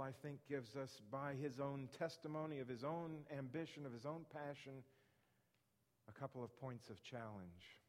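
A man's voice: medium pitch, a little mellow. A man preaching a sermon as a pastor, earnest, repeating his questions for emphasis. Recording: reverberant hall.

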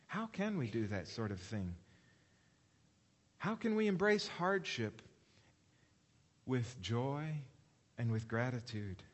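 A man preaching a sermon in a space with a long, trailing reverb. He asks his listeners question after question and slows down whenever he reads scripture aloud. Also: medium pitch, big pitch swings. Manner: preaching with rhetorical questions, slowing for read scripture. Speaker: pastor.

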